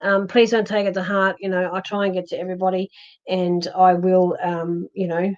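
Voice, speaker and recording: A woman's voice: on the low side, level tone, normal speed, highs cut off. An Australian woman hosting a psychic livestream, chatty and reassuring as she reads out viewer comments, with plenty of ums and restarts. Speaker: psychic medium livestream host. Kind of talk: live-stream chat reading viewer comments.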